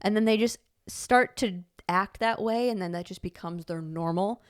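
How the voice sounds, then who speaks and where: A woman's voice: mid-range voice, moderate pace, clear, resonant tone. Chatty woman full of "like" fillers. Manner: chatty and rambling, many "like" fillers; laughs often while telling stories. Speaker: podcast co-host. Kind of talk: casual conversational podcast chat.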